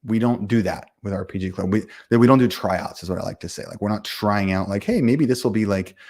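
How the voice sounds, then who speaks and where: Fairly low in pitch with a steady tone, this man is a livestream host and game company owner answering viewer comments about running games. His casual delivery is blunt and self-assured, fast and rambling, with many fillers and restarts.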